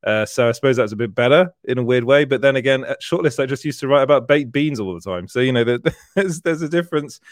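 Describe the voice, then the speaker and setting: A man hosts a casual livestream, reading viewer comments aloud, chatting, rambling a bit, and laughing often; he's a livestream host and entertainment journalist. His medium-pitched voice is lively and fast, with barely any pauses, captured in clean studio sound with no echo.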